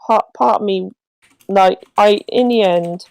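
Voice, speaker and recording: Slow, rambling woman on a dry mic. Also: medium pitch, gravelly, a little mellow, no room sound, low-quality recording. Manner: rambling, full of "like" and restarts, teasing. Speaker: co-host. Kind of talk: casual chat on a livestream.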